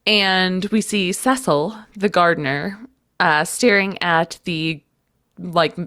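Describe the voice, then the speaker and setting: A woman's voice: lowish voice, slow, pushed and bright. A woman co-hosting a podcast in casual chat, a little congested, reacting with enthusiastic gasps and exclamations. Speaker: podcast co-host.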